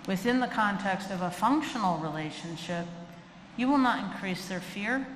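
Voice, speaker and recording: A woman lecturing to an audience in a big hall, her voice ringing with a long echo. She is lively and funny, and she slips into little acted-out voices to make her points. A faint room hum sits behind her. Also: medium pitch, normal speed. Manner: animated, acts out quoted voices with humor. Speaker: animal behavior lecturer. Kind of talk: humorous live lecture.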